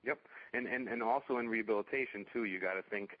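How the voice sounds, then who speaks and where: A man who rehabilitates dogs, chatting casually in a halting way, full of fillers and restarts. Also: fairly low pitch, slight background noise. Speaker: dog rehabilitation trainer. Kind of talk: casual conversation. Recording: muffled lo-fi sound.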